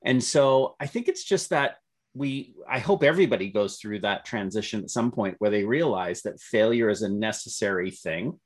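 A middle-aged man with a slightly low voice tells stories from his working life in an interview. He sounds upbeat and optimistic, often restarting his sentences as he goes. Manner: upbeat, optimistic storyteller with self-corrections. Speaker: entrepreneur guest. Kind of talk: storytelling interview answers.

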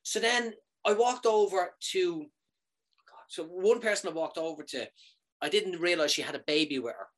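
This high-voiced man spins a humorous story in a relaxed, lively way, cursing freely throughout. Every so often he stops to ask "right?" to keep his listener engaged.

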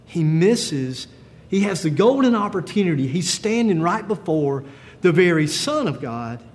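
A man pastor preaching a sermon in a gentle, conversational way, with frequent pauses and fillers. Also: high-pitched, sing-song, long reverb tail.

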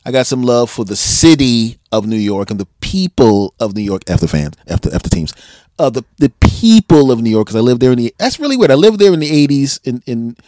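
A man guest on a podcast, telling stories in casual sports banter, animated and full of restarts. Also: mid-range voice, a little fast, no echo, studio quality. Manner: animated storyteller, frequent restarts, laughs at own jokes.

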